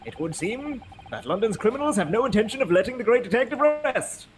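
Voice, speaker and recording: A man puts on a brash gentleman detective for a video game playthrough, pitched well above his own voice and swinging wildly up and down. He is grandiose and excitable, with every line delivered as a dramatic pronouncement. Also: brisk, noisy background. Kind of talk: voicing a game character during a playthrough.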